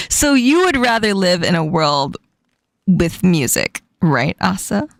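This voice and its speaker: A woman hosting a casual stream chat, playful and quick to laugh, asking her guest questions. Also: lowish voice, animated, gravelly, dry recording, studio quality. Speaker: streamer host.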